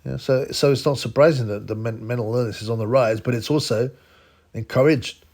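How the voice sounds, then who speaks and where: A man's voice: medium pitch, a little fast, darkish tone. A man hosting a boxing channel, rambling through a casual commentary vlog, laughing often and sliding into a conspiratorial rant.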